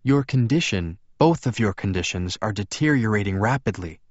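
A man voicing a calm doctor who explains things in a measured way. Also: on the low side, no room sound, lo-fi sound.

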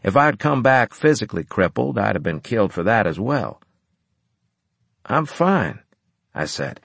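A man narrating a first-person story in an expressive, storytelling way. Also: fairly low pitch, fairly quick, gravelly, husky, no room sound. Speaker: audiobook narrator.

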